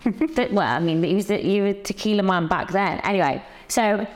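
Lively woman telling stories. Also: medium pitch, normal speed. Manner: lively storyteller, swears, acts out quotes. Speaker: podcast guest. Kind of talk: casual chat.

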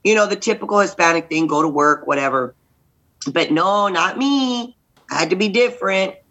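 A middle-aged woman from Texas, a guest candidate telling lively stories in a podcast interview and acting out the voices in them. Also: on the low side, normal speed, low-quality recording. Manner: lively, acts out voices in anecdotes. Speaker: guest, state senate candidate. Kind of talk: animated storytelling in a podcast interview.

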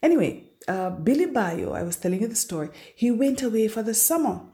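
A woman teaching a devotional Bible lesson, telling it as an expressive, dramatic story. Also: on the high side, a little fast. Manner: expressive, dramatic storyteller who acts out scripture.

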